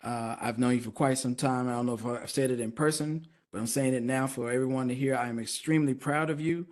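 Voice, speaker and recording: A man hosting an online talk show interview, speaking in a measured way and repeating words for emphasis. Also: medium pitch, fairly even intonation, darkish tone.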